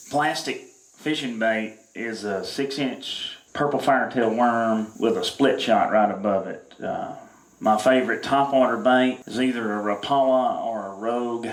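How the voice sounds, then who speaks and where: A man from Louisiana, holding a comedic mock press conference in a rambling, drawling way full of fillers. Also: lowish voice. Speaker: self-proclaimed outdoorsman at a mock press conference. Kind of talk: deadpan comedic monologue. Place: barn. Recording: echoey room.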